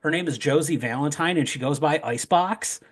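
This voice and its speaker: A man's voice: a little high, brisk. A young man talking in a casual podcast chat, rambling with joking asides and plenty of fillers. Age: young adult. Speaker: wrestling promoter guest.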